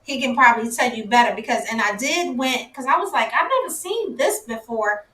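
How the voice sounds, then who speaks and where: A woman hosting a casual live-stream interview, effusive and quick to exclaim. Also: on the high side, expressive, sharp tone, a little hiss or hum. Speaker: host. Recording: echoey room.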